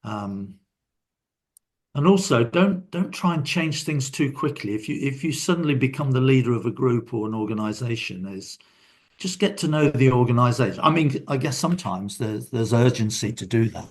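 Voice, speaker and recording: A man's voice: medium pitch, expressive, moderate pace. An older man, a guest in a casual interview, telling reflective stories from his working life. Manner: reflective, anecdotal storyteller.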